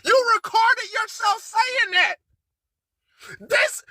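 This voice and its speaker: A woman hosting a livestream, ranting with heavy profanity and swinging between low, muttered lines and shouted outrage. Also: animated, a little slow, dry recording. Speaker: livestream host. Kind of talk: heated livestream rant.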